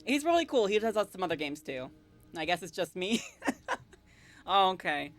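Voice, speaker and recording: A woman's voice: on the low side, sing-song, moderate pace, faint music behind. A woman livestreaming a game in a casual, chatty way, giggling often and reading dialogue aloud. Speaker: streamer. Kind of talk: casual live game stream.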